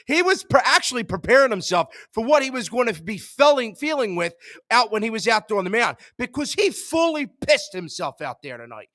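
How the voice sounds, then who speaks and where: A young man hosting a sports show, ranting in frustration, jumping between loud outbursts and low mutters. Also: no echo, clean studio sound.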